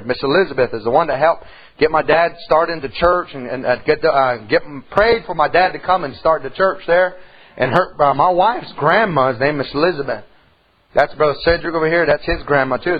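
On a muffled recording, a middle-aged man with a fairly high voice preaches in a church. This pastor tells a personal story as a folksy storyteller, his volume swinging between loud and hushed.

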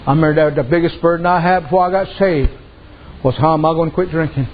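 Speaking quickly in a fairly high voice, this man preaches as a pastor from a Native American reservation community. He tells folksy tales and performs each character's voice. The recording is dull and carries a slight hiss or hum.

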